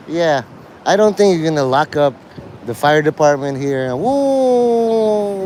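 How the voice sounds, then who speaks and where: A man's voice: fairly high pitch, a little hiss or hum. Man rambling jokes on a street. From Philippines. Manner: joking, provocative, mixes in Tagalog phrases. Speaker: livestreamer. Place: outdoors on a city street.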